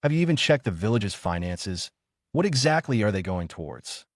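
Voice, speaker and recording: A man voicing a young male ninja who is cool-headed but quick to anger. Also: fairly low pitch, sing-song, dry recording, studio quality. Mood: angry.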